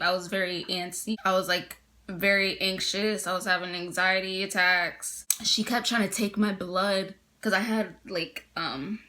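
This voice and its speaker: A woman's voice: mid-range voice, bright, forceful tone. A young woman casually telling a personal story to her viewers, chatty, full of "like" fillers, laughing now and then.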